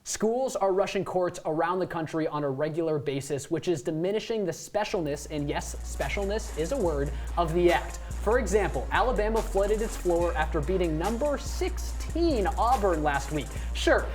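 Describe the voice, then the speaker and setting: Young female co-host, studio sports talk, low register, punchy delivery, soft music bed. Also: moderate pace, hardly any pauses. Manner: animated, gets worked up and emphatic. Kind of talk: student sports talk show.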